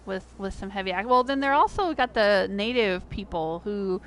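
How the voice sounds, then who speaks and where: A middle-aged American woman talks through her game livestream in a loose, chatty way. She laughs easily and her voice jumps high when she is surprised. Her pitch is mid-range, with a faint hiss in the background. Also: animated, normal speed, fairly bright tone. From United States. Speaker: game streamer. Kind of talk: casual livestream chat.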